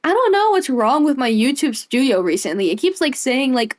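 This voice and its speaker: A woman's voice: sits high, sing-song, normal speed. Giggly young woman streamer. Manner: giggly, playful, rambling. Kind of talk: casual gameplay commentary.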